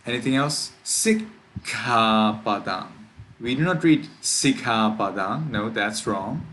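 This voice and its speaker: A man who is a Buddhist monk, teaching a class how to pronounce chant words and drawing each word out slowly and carefully. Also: medium pitch, lively intonation, fairly bright tone, a little hiss or hum, rough recording. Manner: slow, careful, demonstrates words by drawing them out.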